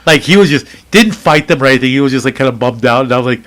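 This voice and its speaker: A middle-aged man, a podcast co-host, telling a story in casual chat, animated and rambling with lots of fillers and restarts. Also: medium pitch, very fast.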